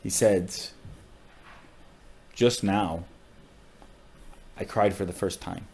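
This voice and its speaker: A male rabbi with a lowish voice tells a story on a podcast. He sounds heartfelt and uses a lot of casual fillers. At the saddest moments his voice falls almost to a murmur. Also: steady tone, extremely slow, creaky, mellow. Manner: emotional storyteller with frequent "like" fillers.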